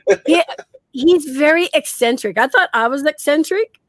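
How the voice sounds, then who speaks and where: A woman telling paranormal stories on a casual podcast, animated, acting out quotes and laughing often. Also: high voice, normal speed, no echo, studio quality. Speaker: guest paranormal investigator.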